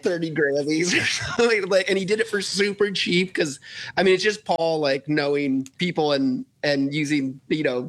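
A man with a fairly high voice tells studio stories in a loose, rambling way. He leans on "like" constantly and laughs often as he talks. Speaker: musician guest. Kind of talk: casual interview storytelling.

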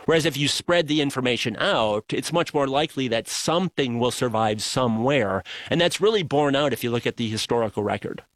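A man's voice: medium pitch, lively intonation, fairly quick, few pauses, fairly bright tone, no echo. A man who is an author, answering interview questions in a thoughtful, explanatory way. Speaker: author guest.

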